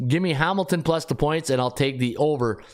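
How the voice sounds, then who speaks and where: A middle-aged man hosting a sports betting podcast, talking casually in an animated, rambling way with frequent restarts. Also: on the high side, fairly quick. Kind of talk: casual live-stream talk.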